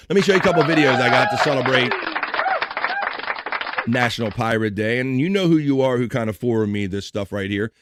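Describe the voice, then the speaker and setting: A man chats on a live stream, playful and joking, reading out holiday trivia. His voice sits at an ordinary middle pitch. The sound is close and dry, with no room echo. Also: a bit bright. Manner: playful, jokey, slips into a pirate voice. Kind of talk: casual chat, reading national day items.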